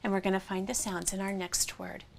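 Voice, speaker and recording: A woman teaching a phonics lesson, sounding out vowels slowly and clearly and praising the listener. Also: medium pitch, flat delivery, a little hiss or hum. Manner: slow, clear, encouraging, sounds out each vowel.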